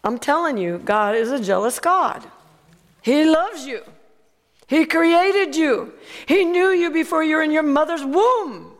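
A woman delivers an emphatic sermon and keeps asking her congregation for an amen. Her voice sits high, and a long reverb trails after her words as if she is in a large hall. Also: lively intonation, measured pace. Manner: emphatic, calls out for amens. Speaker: preacher.

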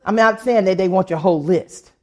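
A woman sharing a humorous personal testimony in church, telling stories in an animated way and laughing often. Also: mid-range voice, fairly quick.

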